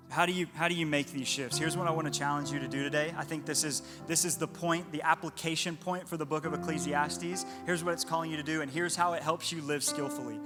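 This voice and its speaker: A young male pastor delivers a sermon with an earnest, heartfelt manner, doubling back on phrases to drive them home. His voice sits a touch high and rings out with the long reverb of a large hall. Clear music plays underneath. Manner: earnest, repeats himself for emphasis. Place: church hall.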